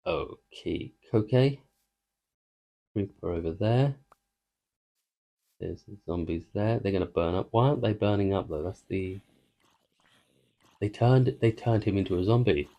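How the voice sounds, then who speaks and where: A man's voice: on the low side, measured pace, vocal fry, pauses often, lo-fi sound. A man giving casual, rambling commentary while playing a video game, trying to tell a joke and interrupting himself. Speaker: gaming video creator. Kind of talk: casual let's-play commentary.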